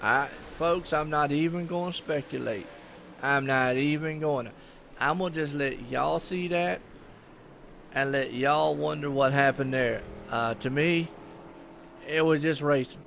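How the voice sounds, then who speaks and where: Man, Southern US accent, gravelly voice, slightly high pitch, folksy live race commentary, faint hiss with car engines behind. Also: a little slow, a bit bright. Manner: folksy, chatty, lots of "I tell you what" and "y'all". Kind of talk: live sim racing commentary.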